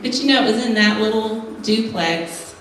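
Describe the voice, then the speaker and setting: Laughing frequently, this middle-aged woman tells a funny personal testimony to a women's church gathering in a fairly high voice at normal speed. The mic is at a distance in an echoey hall, and there's slight background noise.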